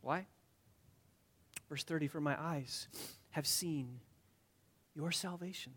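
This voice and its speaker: A male pastor preaching a sermon, dropping to near whispers and then building to loud, emphatic declarations, repeating phrases for emphasis. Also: fairly high pitch, takes it slowly, pauses often, slightly rough.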